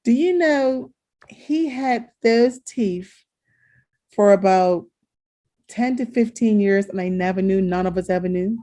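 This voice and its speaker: A woman co-hosting a podcast, telling a family story in casual chat, animated and laughing often. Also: a little slow. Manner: animated, laughs often, jumps high when quoting herself. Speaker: podcast co-host.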